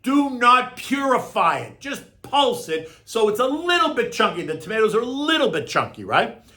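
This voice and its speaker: A man's voice: extremely high pitch, very animated, normal speed, bright, forceful tone. A middle-aged man giving casual market commentary and then a recipe, chatty and emphatic, often asking "right?". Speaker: market commentator and home cook.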